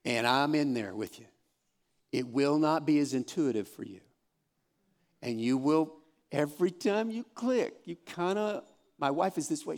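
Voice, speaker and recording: Brief: man in his fifties, fairly high voice, folksy, encouraging Bible teacher for a room audience. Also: expressive, measured pace, long pauses, a little mellow. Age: 50s. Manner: encouraging, folksy, repeats himself. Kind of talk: conversational Bible study teaching. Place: room with a live audience, also streamed.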